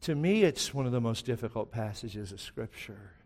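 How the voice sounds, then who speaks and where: Dramatic preacher in a reverberant hall. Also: male voice, mid-range voice, expressive, normal speed. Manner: dramatic storytelling, swings between loud and hushed. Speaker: pastor. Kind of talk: sermon.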